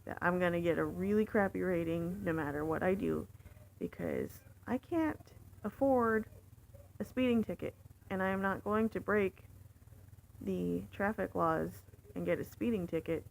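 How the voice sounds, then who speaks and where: A woman's voice: lowish voice, normal speed, vocal fry, slight background noise, low-quality recording. A woman rideshare driver telling a story in a candid, chatty way, with fillers. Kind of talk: casual storytelling vlog.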